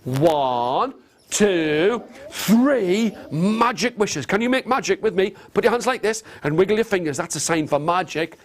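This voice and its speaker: A man telling an interactive story to nursery children in a classroom, animated and coaxing, getting them to copy his gestures. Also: high voice, unhurried. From England. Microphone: video camera. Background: guitar.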